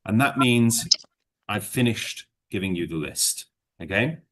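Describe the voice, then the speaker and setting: Deep-voiced man teaching, rambling gently. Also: animated, unhurried. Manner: rambling, hedging, full of fillers; explains with worked examples. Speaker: English exam teacher. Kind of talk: one-to-one lesson chat.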